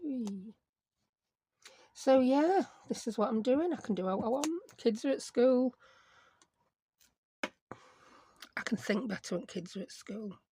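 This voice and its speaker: A woman's voice: on the high side, animated, unhurried, pauses often, mellow, a little hiss or hum. Yorkshire lady nattering away while she crafts, middle-aged, chatty, pokes fun at herself. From Yorkshire, England. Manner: rambling, chatty, self-mocking. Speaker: crafting channel host. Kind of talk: casual chatty crafting vlog.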